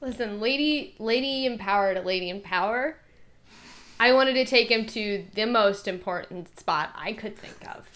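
A woman's voice: mid-range voice, normal speed, a bit bright. A woman playing a tabletop game, role-playing her character in a cheeky, theatrical way. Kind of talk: playful in-character role-play.

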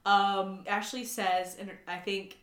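A woman's voice: medium pitch, flat delivery, slow pace, a bit bright. Chatty woman recapping a show w her cohost, laughs a lot, echoey room. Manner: chatty, laughs often, acts out quotes. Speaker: podcast co-host. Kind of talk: casual recap chat.

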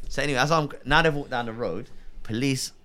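A man's voice: mid-range voice, fast, very noisy. A young man telling a story about his cab work in casual chat, acting out other people's voices as he goes. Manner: animated, acts out voices in quotes.

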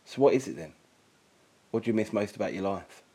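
Male reader doing a young woman survivor in a storybook: raised pitch, blunt and teasing. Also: lively intonation, fairly quick, dark tone, slightly rough. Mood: curious, teasing.

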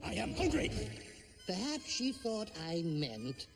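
A gravelly sulking beast. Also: male voice, high voice, huge pitch swings, takes it slowly, soft background music, exaggerated voice. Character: brooding hungry beast, huge and impatient. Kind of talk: animated film dialogue. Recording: film clip under a score.

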